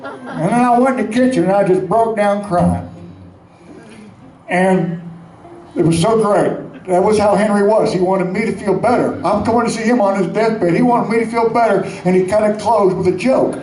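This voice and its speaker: Man, high voice, plainspoken rambling eulogy, echoey hall, faint room noise. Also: normal speed, a little mellow. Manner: rambling, plainspoken storytelling with folksy asides. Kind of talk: spoken eulogy.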